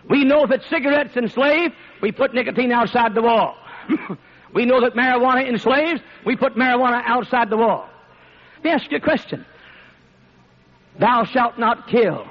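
This sermon comes from a man with a very high voice who repeats himself for emphasis and climbs into shouting. The recording quality is dull and lo-fi.

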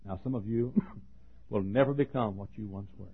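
A man preaching a sermon, swinging from ringing shouts down to near-hushed asides. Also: on the low side, moderate pace, breathy edge. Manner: builds to ringing shouts, then drops to a hush. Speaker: pastor. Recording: phone-like narrow band.

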